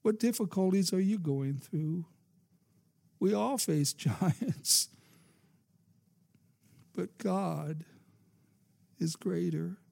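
A man's voice: sits high, drawn-out words, vocal fry, long pauses, a little mellow. A man preaching a sermon, emphatic and asking his listeners rhetorical questions, building to fervent peaks. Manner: emphatic, rising to fervent crescendos.

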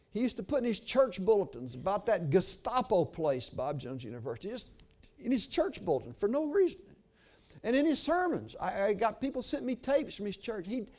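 An older man preaching a sermon, telling a story and then praying, earnest and swinging from hushed to emphatic. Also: sits high.

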